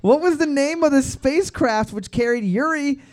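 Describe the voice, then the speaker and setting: Man, trivia host, high voice, reads questions twice, crude joking asides. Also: animated, moderate pace, a little mellow. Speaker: trivia quizmaster. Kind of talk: live pub-trivia hosting with crude jokes.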